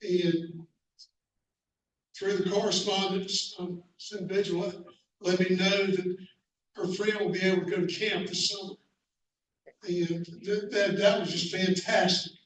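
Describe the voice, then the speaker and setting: A man from the club speaking at a meeting in a measured way with fumbling restarts, heard from a distance in an echoey room. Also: high voice, level tone, a bit bright. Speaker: club member. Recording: echoey hall, distant mic, faint noise.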